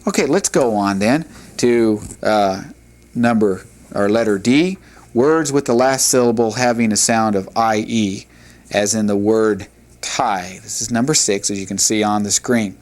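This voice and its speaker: A man teaching a Hebrew language lesson, reading word lists aloud in a measured, deliberate way and explaining syllables. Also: on the low side, a little mellow. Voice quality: measured, deliberate delivery with pauses between drilled words.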